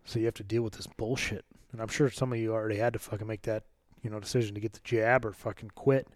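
A man's voice: on the low side, steady tone, quick pace, no echo. A man hosting a podcast, talking casually with a lot of swearing and rambling. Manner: profane, rambling. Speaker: podcast host.

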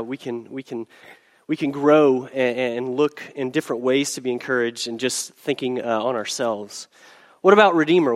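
A man preaching a sermon as pastor, hoarse from a cold, talking conversationally with fillers and restarts. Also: fairly high pitch, big-room sound. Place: church hall.

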